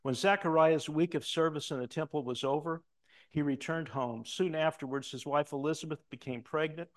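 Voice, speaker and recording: A middle-aged man preaching a sermon, reading scripture aloud and breaking off into animated asides, loud for quoted lines and hushed for comments. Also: fairly high pitch, moderate pace. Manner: animated, swings between loud emphatic reading and quiet asides. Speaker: pastor.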